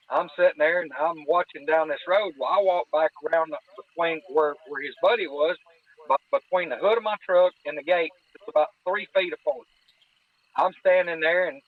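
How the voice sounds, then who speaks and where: A man's voice: a little high, no room sound. A man telling a hunting story in a folksy way, often repeating "I said" as he recounts conversations. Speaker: podcast guest telling hunting stories. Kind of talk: casual storytelling. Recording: dry, tinny phone-line sound.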